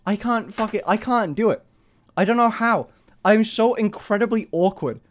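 A man's voice: high voice, normal speed. A man in his twenties chatting casually on a live stream, swearing freely, laughing often and rambling in a self-conscious way. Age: 20s.

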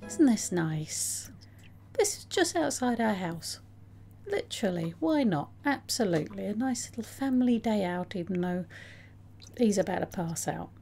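Woman, gravelly fry, mellow tone, chatty gameplay commentary. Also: medium pitch, lively intonation, normal speed, soft background music. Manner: chatty, talks to her sims, laughs often. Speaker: let's play host.

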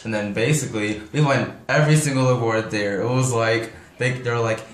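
A man's voice: medium pitch, fairly even intonation, brisk. Rambling male guest in an echoey room. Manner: rambling, laughing, filler-heavy. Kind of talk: casual chat, storytelling. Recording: roomy echo, faint noise.

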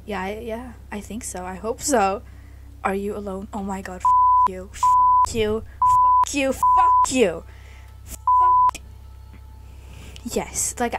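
A young woman playing a horror game alone in a dark basement, jumpy and scared, often swearing and screaming. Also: mid-range voice, a little hiss or hum. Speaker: gaming video creator.

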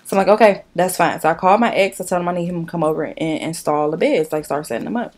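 Doing a makeup tutorial at home, a young woman who's a beauty vlogger rattles off a blunt, swear-filled storytime in a rapid-fire, low-leaning voice. She's animated and acts out the conversations as she goes.

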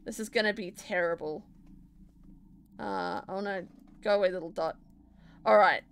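A woman's voice: lowish voice, very animated, moderate pace, clean tone. Chatty giggly Australian woman streamer. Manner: chatty and giggly, answering chat. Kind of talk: casual live-stream chat while gaming and drawing. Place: home streaming setup.

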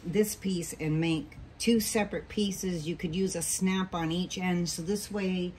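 A woman's voice: lowish voice, steady tone, measured pace, darkish tone, slight background noise, low-quality recording. A woman hosting a casual home sewing tutorial, chatty and rambling with many ums and self-corrections, recorded on a camera mic in her sewing room.

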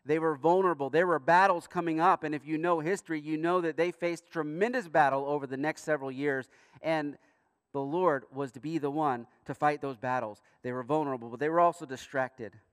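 Man, pastor, sermon, earnest and emphatic, smooth resonant voice, dry close mic in a reverberant church hall. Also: on the high side, steady tone, brisk. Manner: earnest preaching, rising emphatic bursts and quiet asides. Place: church sanctuary.

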